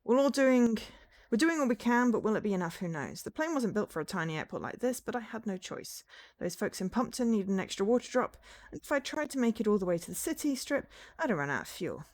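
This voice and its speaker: A woman's voice: a little high, very animated, quick pace, darkish tone, no echo, pitched above the performer's own voice. A harried firefighting-plane pilot, read out by a woman. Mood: worried. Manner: read-out game message, chatty.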